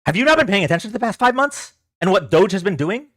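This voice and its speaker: High, animated man ranting to chat. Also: fast, no echo, studio quality. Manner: exasperated, sarcastic, repeats himself. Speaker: political livestream host. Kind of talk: casual livestream commentary to chat.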